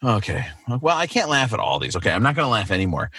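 A man's voice: fairly low pitch, sing-song, quick pace, pushed and bright, a little hiss or hum. A man hosting a casual quiz game with friends over a video call, often laughing at his own jokes. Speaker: quiz host.

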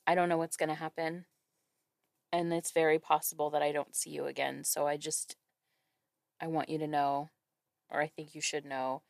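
A woman voicing a hesitant young woman who speaks quietly and haltingly as she confesses love. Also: low-pitched, little pitch movement, gravelly, no room sound, studio quality, pitched below the performer's own voice. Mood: tender.

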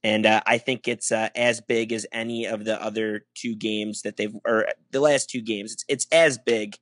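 A man speaking as a guest on a sports podcast, earnest and deliberate. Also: lowish voice, fairly even intonation, fairly bright tone, no echo. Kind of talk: casual sports chat.

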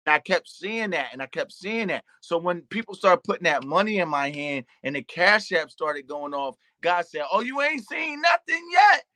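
A man's voice: fairly high pitch, normal speed, hardly any pauses, pushed and bright, dry recording. A man telling an emotional personal story in earnest, repeating words and slipping into quoted asides. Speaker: pastor and youth nonprofit founder.

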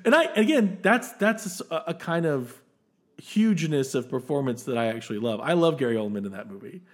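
Fairly quick and mid-range in pitch, this male co-host chats about films on a podcast with casual enthusiasm. He's animated, laughs a lot and keeps restarting his thoughts.

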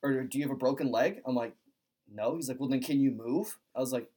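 A young man spins a long story in casual conversation, stacking fillers as he goes. He slips into quick little impressions of the people he is describing, and his pitch sits in an ordinary middle range. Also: expressive, a little mellow. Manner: rambling, lots of "like", quotes people in voices. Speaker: podcast host.

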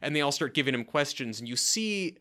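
A man chatting casually as a podcast co-host, recapping a sitcom with animated acting-out of lines and frequent restarts. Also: a little fast. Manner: animated, acts out quoted lines with big pitch jumps; frequent restarts and repeated words.

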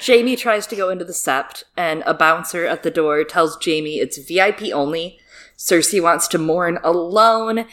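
A woman co-hosting a casual book-discussion podcast, animated and joking, swearing freely. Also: on the low side, unhurried. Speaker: podcast co-host.

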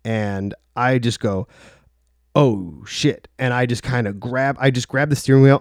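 In a dry, studio-quality recording, a young man with a medium-pitched, somewhat mellow voice rambles through a personal anecdote. He swears freely and leans constantly on "like" and similar filler words.

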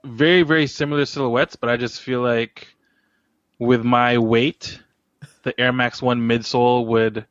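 A man co-hosts a podcast in a laid-back, hesitant manner. His voice is recorded dry and sounds slightly dull. His pitch sits in the middle range. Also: level tone, a little slow, no echo. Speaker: podcast co-host. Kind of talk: casual podcast chat.

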